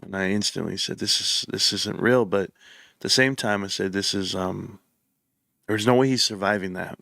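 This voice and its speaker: Impassioned bright-voiced man ranting. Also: on the low side, normal speed, gravelly, no echo, studio quality. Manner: impassioned, growing heated and emphatic, repeats phrases. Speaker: political commentary show host. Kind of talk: opinionated commentary. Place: room set up for the show.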